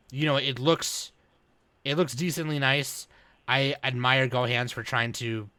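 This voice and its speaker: A man's voice: mid-range voice, sharp tone, no room sound. A man on a podcast chatting casually about anime, rambling and swearing as he goes. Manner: rambling, profane, laughing. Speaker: podcast host. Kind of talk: casual chat.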